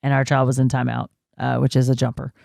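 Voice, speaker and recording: A woman's voice: rumbling low, completely flat delivery, fast, vocal fry, warm tone, dry recording, studio quality. A woman in her thirties co-hosting a podcast, telling stories in casual chat with lots of fillers and laughter. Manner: storytelling, laughs often, many fillers. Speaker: podcast co-host.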